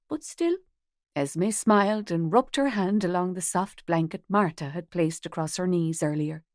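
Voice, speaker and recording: A woman reading an audiobook in a measured, even storytelling voice on a close studio mic. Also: medium pitch, no room sound. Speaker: audiobook narrator. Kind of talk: scripted audiobook narration.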